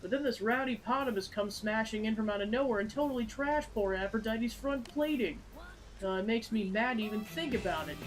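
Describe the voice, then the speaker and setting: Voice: medium pitch, brisk, faint music behind, natural voice, rough recording. A gamer reading game dialogue plays a hot-headed young man who is fixated on his ride. He sounds whiny and indignant, and his complaints pile up. The voice sits in a middle range. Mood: angry.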